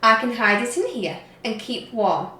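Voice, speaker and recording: A woman's voice: on the high side, expressive, normal speed, bright, forceful tone, roomy sound. A woman voicing a timid, hungry male troll who stammers when frightened, in a read-aloud storybook. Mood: scheming. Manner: nervous, stammering.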